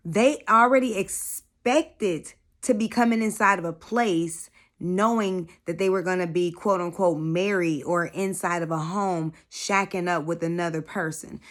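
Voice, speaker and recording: A woman's voice: fairly low pitch, a bit bright. A woman recapping a reality show in a casual, slangy way, speaking candidly and swearing often, with chatty asides to her viewers.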